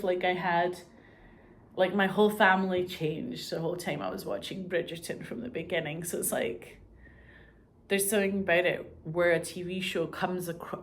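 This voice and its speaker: A woman in casual chat who swears freely and acts out the lines she quotes. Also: on the low side. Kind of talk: casual chat about TV shows.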